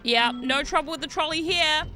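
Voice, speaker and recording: A woman's voice: high voice, sharp tone. A young woman with a New Zealand accent, chatting casually and swearing freely while streaming a game. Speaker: VTuber streamer. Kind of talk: casual gaming stream chat.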